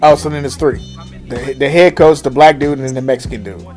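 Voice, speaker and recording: A man chatting casually in an animated, incredulous way, swearing freely. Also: mid-range voice, fairly quick, soft background music. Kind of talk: casual chat.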